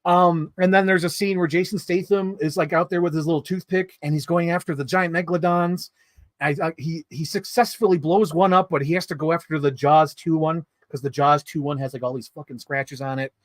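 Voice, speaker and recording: A man giving a casual, animated movie review as a story, swearing freely and getting excited. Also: fairly high pitch, fairly quick, no room sound.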